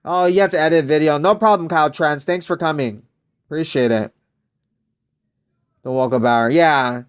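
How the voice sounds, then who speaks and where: A man's voice: a little high, moderate pace, smooth. A man streaming a mobile basketball game, chatting casually and greeting viewers from chat.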